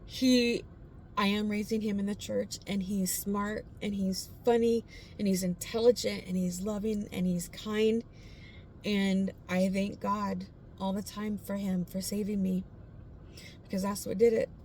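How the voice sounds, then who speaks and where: A woman sharing her personal faith testimony in a casual, earnest, heartfelt way, pausing often with fillers. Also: medium pitch, little pitch movement, a little mellow, a little hiss or hum.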